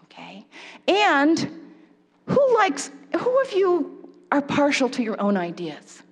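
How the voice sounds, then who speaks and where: A woman giving an animated lecture to a live audience and asking them questions. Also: sits high, takes it slowly, long reverb tail. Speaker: parenting workshop speaker.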